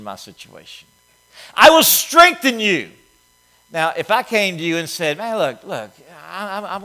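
A man's voice: sits high, pushed and bright. A male pastor preaching a sermon to his congregation, repeating lines with emphasis. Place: church sanctuary.

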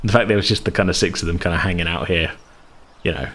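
A man narrating as game master of a tabletop game, relaxed and rambling. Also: deep voice, quick pace. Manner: relaxed, rambling, hedging with fillers.

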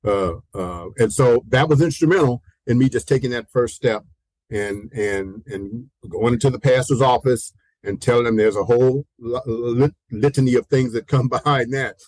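A man, a reverend, telling his story as a guest in a conversational interview, halting and repeating words as he goes. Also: mid-range voice, a little mellow, dry recording, rough recording.

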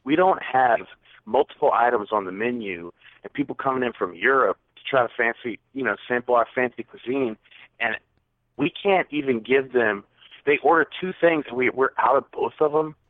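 A young man co-hosting a podcast, telling a long story in a casual, animated way and acting out what people said. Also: medium pitch, moderate pace, no room sound. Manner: animated, acts out quotes with rising voice. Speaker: podcast co-host. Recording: tinny phone-like audio.

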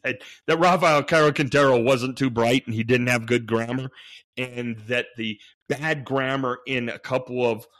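Male podcast host with a middle-pitched voice, casually narrating, working his thoughts out aloud with restarts. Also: steady tone, moderate pace, a bit bright. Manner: thinks aloud, frequent restarts and fillers.

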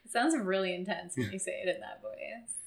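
A woman co-hosting a podcast in casual chat, playful and quick to joke. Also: medium pitch, gravelly. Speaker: podcast co-host. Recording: roomy echo.

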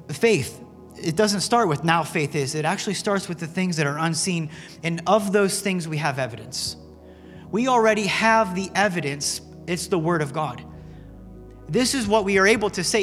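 In a church sanctuary, a male pastor preaches a sermon, telling stories in a casual, earnest manner and dropping fillers like "man." His voice sits high with a fairly bright tone. The recording carries a long reverb, with faint music in the background.

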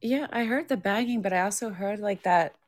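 A woman's voice: medium pitch, a little fast, dry recording, clean studio sound. A woman co-hosting a podcast, reacting to stories and asking follow-up questions. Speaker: co-host. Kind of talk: casual podcast chat.

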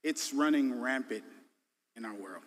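A man preaching a sermon as a guest pastor, emphatic and casual, swinging between loud bursts and quiet drops. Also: mid-range voice, unhurried, in a large hall. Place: church sanctuary.

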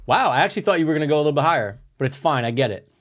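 A man's voice: fairly high pitch, lively intonation, very fast. A blunt young man trades opinions on a film in a casual podcast chat. His delivery is dry and matter-of-fact, with plenty of swearing along the way. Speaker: podcast co-host reviewing a film.

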